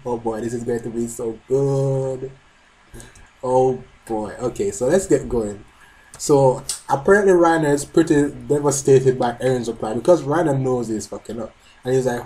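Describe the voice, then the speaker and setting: A man talks through a manga chapter live. He stays casual and joking, with plenty of swearing. His voice is warm and mellow, at a middle pitch. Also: normal speed, low-quality recording. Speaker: manga reaction host. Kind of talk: live reading and reaction.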